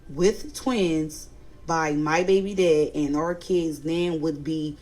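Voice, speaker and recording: A woman's voice: low voice, fairly even intonation, slow, a crowd in the background, rough recording. A woman with a Philadelphia accent telling a family story in a casual storytime, animatedly quoting others and growing indignant. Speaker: storyteller recounting family drama.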